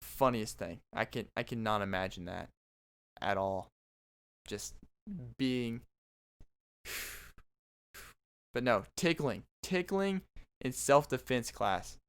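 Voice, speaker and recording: Brief: young male podcast host, rambling comedic monologue, smooth clear voice, average pitch. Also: lively intonation, slow, pauses often. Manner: rambling, restarting, joking.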